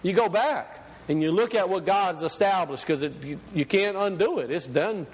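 High-voiced preacher in an echoey hall. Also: male voice, breathy edge. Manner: emphatic, reads scripture slowly and deliberately. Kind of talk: sermon.

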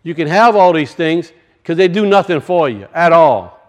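A man preaching a sermon and telling a personal story, swinging from loud bursts to hushed, quiet lines. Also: on the high side, expressive, moderate pace. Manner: rises loud then drops to hushed, storytelling.

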